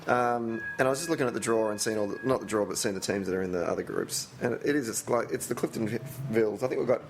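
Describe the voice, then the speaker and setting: A man's voice: on the low side, quick pace, slight background noise. A man, co-hosting a loose, laughing football podcast chat and steering it with questions. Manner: loose, laughing, swearing banter, asks the questions. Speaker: podcast co-host. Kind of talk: casual chat.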